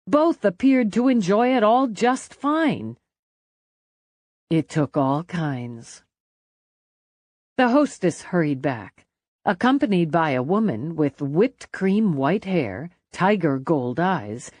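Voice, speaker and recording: A woman narrates a mystery novel at an unhurried pace with a lively, melodic delivery. Her voice sits on the lower side, recorded close in a dry, dead studio. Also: no echo. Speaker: audiobook narrator. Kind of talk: scripted narration.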